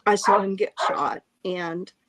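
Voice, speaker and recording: A woman giving a halting, emotional eyewitness account, often breaking off and restarting. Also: medium pitch, steady tone, slight background noise. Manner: angry and frustrated. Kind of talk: emotional first-hand account.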